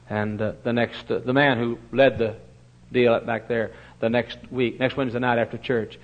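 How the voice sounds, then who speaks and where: A man preaching a folksy storytelling sermon, full of fillers and animated bursts. His voice sits in the middle range. The recording is muffled and lo-fi, like an old church tape. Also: medium pitch. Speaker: pastor.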